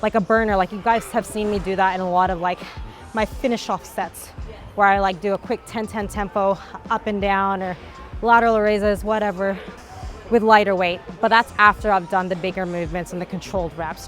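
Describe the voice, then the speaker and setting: A woman's voice: mid-range voice, steady tone, fairly quick, fairly bright tone. A woman fitness vlogger talking casually through her workout, out of breath and full of "like" fillers. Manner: talkative, with many "like" fillers. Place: gym. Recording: faint background music.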